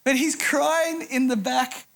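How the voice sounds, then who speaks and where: A man's voice: very high voice, steady tone, slow, creaky, a bit bright. A middle-aged man preaching a sermon, telling a humorous anecdote as a pastor.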